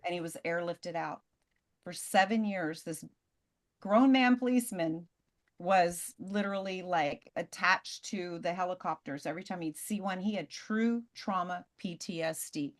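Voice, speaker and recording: A woman presenter on a video call, telling casual, lively stories in quick bursts. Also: lowish voice. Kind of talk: animated storytelling on a video call.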